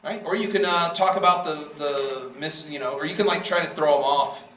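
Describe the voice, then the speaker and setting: A man's voice: a little high, brisk, fairly bright tone. A man giving a casual classroom lecture on debating, joking and acting out quoted speakers. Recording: echoey room from far off.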